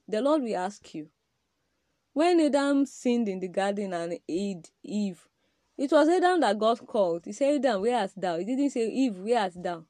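A woman's voice: mid-range voice, dark tone, no echo. A woman giving an emphatic, preaching-style podcast talk on marriage, addressing men directly with repeated rhetorical questions.

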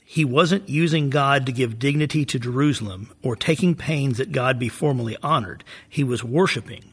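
Gravelly Southern man discussing scripture. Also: medium pitch, moderate pace, a bit bright. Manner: conversational, often tags "right?" and laughs easily. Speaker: co-host of a Bible study podcast. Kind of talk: casual Bible study discussion.

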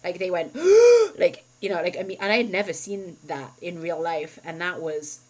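Animated woman telling a story. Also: fairly low pitch, a little fast, low-quality recording. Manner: animated storytelling, heavy use of "like", swears freely. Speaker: podcast co-host. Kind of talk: casual chat, storytelling.

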